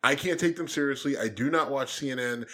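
A man's voice: medium pitch, brisk, bright, forceful tone. A man co-hosting a casual political chat, ranting heatedly with plenty of swearing and emphatic rises.

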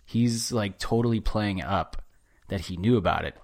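A man's voice: fairly low pitch, normal speed. A man hosting a casual podcast, telling stories animatedly and swearing. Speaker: podcast host. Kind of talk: casual chat.

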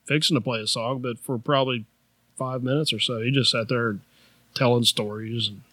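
A man's voice: mid-range voice, steady tone, normal speed, bright, forceful tone, no echo. A man co-hosting a podcast, chatting in an easygoing, laid-back way and telling stories. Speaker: podcast co-host. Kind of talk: casual chat.

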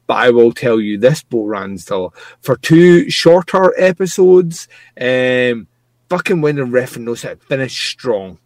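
A man co-hosting a casual TV review podcast, excitable and swearing freely. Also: mid-range voice, measured pace, dry recording. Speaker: podcast co-host.

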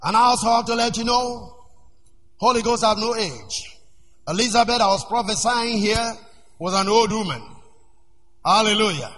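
A man preaching a sermon as pastor, emphatic and repetitive, rising into shouts. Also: high-pitched, moderate pace, long pauses. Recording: long church reverb.

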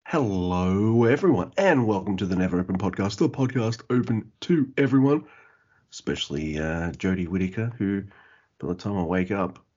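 Laid back podcast host guy, low husky voice, jokey. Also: a little mellow, dull audio. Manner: joking, laid-back, reads plugs quickly. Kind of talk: casual podcast chat.

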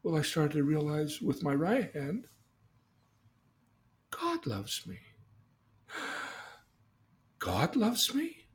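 A man's voice: fairly high pitch, sing-song, slow pace, pauses often. A man telling personal stories in a casual, earnest way, repeating himself and asking leading questions. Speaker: guest telling life stories.

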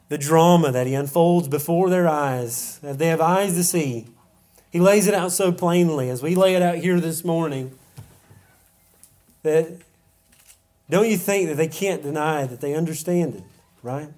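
A man's voice: fairly high pitch, measured pace, long pauses, a little mellow. A man preaching a sermon to his congregation in an earnest way, asking rhetorical questions and often restarting and repeating words. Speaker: pastor.

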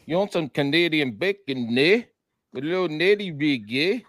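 A man's voice: a little high, expressive, fast, fairly bright tone. A man putting on a jokey, exaggerated Canadian man who tacks "eh" onto everything. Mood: mocking.

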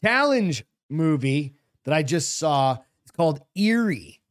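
A man's voice: a little high, sing-song, unhurried, no room sound, clean studio sound. A man co-hosting a podcast, chatting loosely with some swearing and reading news items aloud. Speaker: podcast co-host. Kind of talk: casual chat.

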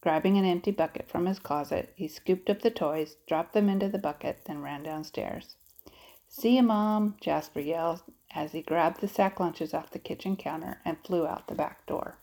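A woman narrating a children's audiobook in a steady, expressive storytelling manner. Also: low-pitched, normal speed, few pauses, low-quality recording.

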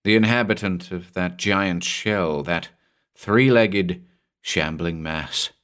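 A man narrating a horror story in a measured, dramatic way. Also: sits low, fairly bright tone. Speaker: narrator and host.

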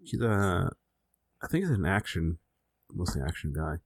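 A man hosting a podcast in casual chat, laid-back and halting, with plenty of fillers. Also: sits low, very animated, no room sound, clean studio sound. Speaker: podcast host.

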